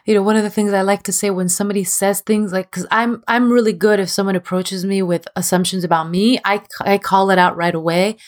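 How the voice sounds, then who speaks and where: A woman's voice: medium pitch, fairly even intonation, brisk, few pauses. Candid, self-deprecating woman coach. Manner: open and self-deprecating, laughs often. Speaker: relationship coach, guest. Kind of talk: candid podcast conversation.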